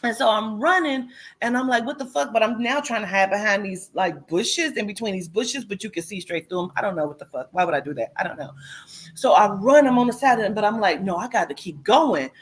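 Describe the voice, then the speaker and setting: A woman casually recounting a vivid dream, animated and profane, acting out what people said. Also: medium pitch, brisk, slightly rough. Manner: animated, profane, acts out quotes. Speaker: host. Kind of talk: casual storytelling.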